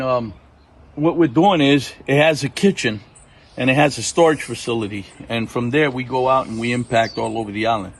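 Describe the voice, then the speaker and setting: A middle-aged man from Puerto Rico, a ministry partner telling faith testimonies in an animated way, acting out what people said. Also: medium pitch, rough recording. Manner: animated storyteller, acts out quotes. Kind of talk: testimony talk. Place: outdoors at home.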